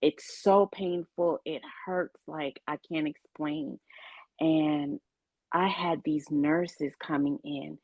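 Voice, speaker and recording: Interview guest, woman, low-pitched and unhurried, earnest testimony; dry, slightly muffled audio. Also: fairly even intonation, no echo. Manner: earnest, faith-filled storytelling with quoted dialogue.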